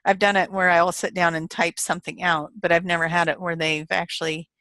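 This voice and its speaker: A woman's voice: on the low side, flat delivery, fairly quick, a bit bright, no room sound. A woman guest in an interview, telling a story casually, retelling quoted voices with animation and laughter.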